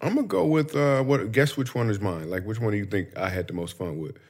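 A man's voice: on the low side, fast talker, darkish tone. A man co-hosting a podcast, chatting casually and teasing his partner with lots of jokes. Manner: joking, teasing, laughs a lot. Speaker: podcast co-host. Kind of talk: casual chat.

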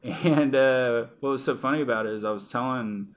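A man's voice: mid-range voice, normal speed. A middle-aged man in casual conversation, telling personal stories in a rambling way with frequent restarts. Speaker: guest.

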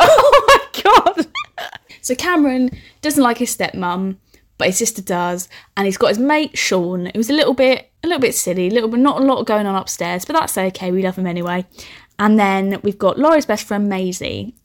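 A podcast host, a young woman with a medium-pitched voice, reads aloud a humorous story she wrote long ago. She keeps pausing the story for giggly, chatty, foul-mouthed commentary. The sound is dry and of studio quality.

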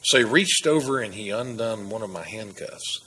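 A man's voice: on the low side, lively intonation, moderate pace, pushed and bright, husky, poor audio. A man from Texas, earnestly telling his personal testimony as a guest. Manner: earnest storytelling with laughs and restarts.

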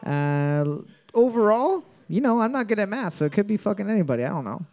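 A man's voice: sits high, sing-song, fairly quick, darkish tone. A man hosting a live trivia night at a bar, joking and reading each question twice. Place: bar venue with live audience.

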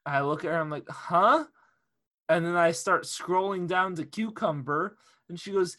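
Bright, high-voiced young man. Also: measured pace. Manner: animated storyteller, laughs often, swears freely. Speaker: podcast co-host. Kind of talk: casual podcast chat.

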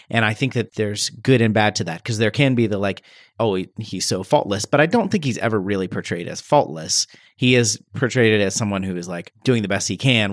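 A man's voice: lowish voice, no room sound, clean studio sound. A man co-hosting a podcast, talking playfully and thoughtfully about a movie. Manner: playful, reflective, laughs easily. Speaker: podcast co-host. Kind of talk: casual movie chat.

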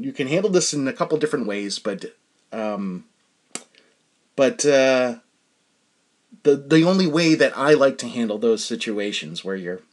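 A middle-aged man hosting a podcast, talking candidly in a casual, rambling monologue full of fillers and restarts. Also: medium pitch. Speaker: podcast host.

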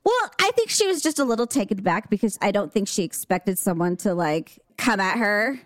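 A middle-aged woman recounting an anecdote in easygoing podcast chat. She voices each person's lines with lively emphasis. The sound is close and dry, with almost no room around it. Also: mid-range voice, normal speed, no echo. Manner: animated, acts out quoted dialogue. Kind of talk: casual storytelling chat.

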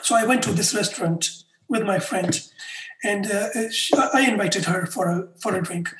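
A man being interviewed, telling anecdotes in an animated way and acting out the dialogue. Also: high voice, normal speed. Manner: animated storyteller who acts out dialogue. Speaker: interview guest, customer experience faculty member. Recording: echoey room.

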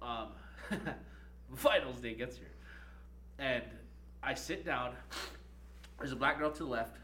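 A young man on a podcast telling a story in a casual, profane, animated way, laughing often. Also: mid-range voice, takes it slowly, slight background noise. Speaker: podcast co-host.

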